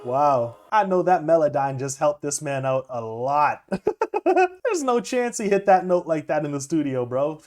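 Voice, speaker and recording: A young man, a music producer, chatting casually and excitedly as he reacts to an album, laughing often. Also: fairly high pitch, unhurried. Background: music playing faintly.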